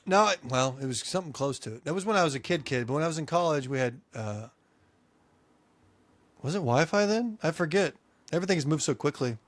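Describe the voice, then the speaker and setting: A man's voice: a little high, animated, fairly quick, dry recording. A man co-hosting a podcast, chatting casually and telling long stories with frequent laughs. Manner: storytelling, laughs often. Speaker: podcast co-host. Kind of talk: casual chat.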